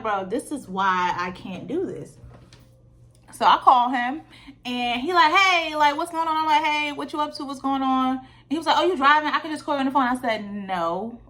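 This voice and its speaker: Bright-voiced woman telling a story. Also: on the high side. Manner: animated, candid, lots of fillers. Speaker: vlogger. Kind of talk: casual storytime vlog. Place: Georgia.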